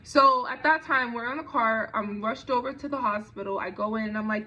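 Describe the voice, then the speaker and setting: A woman's voice: a little high, fairly quick, hardly any pauses, bright, forceful tone. A young woman telling a personal story in a conversational way, with frequent fillers and restarts. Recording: dull lo-fi recording.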